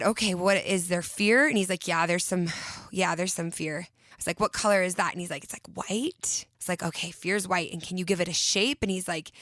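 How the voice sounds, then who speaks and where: Bright, dry-voiced encouraging woman. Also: medium pitch, dry recording. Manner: gentle, encouraging, slowing into soft whispered visualizations. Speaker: podcast host. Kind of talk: guided self-help talk.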